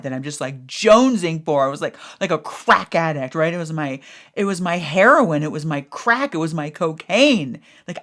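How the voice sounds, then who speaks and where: A woman hosting a podcast, telling a personal story in an animated, casual way that sometimes includes swearing. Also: lowish voice. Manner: animated, acts out her own thoughts in a raised voice, swears casually. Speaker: podcast host.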